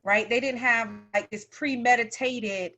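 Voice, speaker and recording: A woman's voice: fairly high pitch, fairly even intonation, unhurried. Encouraging woman podcast host. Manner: warm encouraging, affirming. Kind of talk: casual conversational interview.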